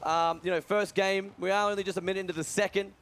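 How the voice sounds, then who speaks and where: Fast-talking esports caster. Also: male voice, high voice. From Australia. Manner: fast, energetic, many fillers. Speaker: esports commentator and event organizer. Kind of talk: live esports commentary.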